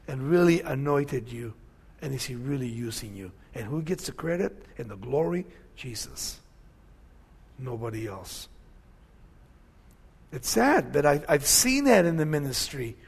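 A man's voice: on the high side, lively intonation, unhurried, pauses often, slightly rough. An older man with an accent preaching a conversational sermon as pastor, building to emphatic questions. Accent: Spanish-accented English.

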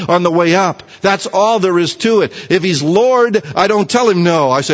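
A man preaching a sermon, animated and acting out the dialogue in character voices. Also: high-pitched, moderate pace, few pauses. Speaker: pastor. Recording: dull sound in a reverberant hall.

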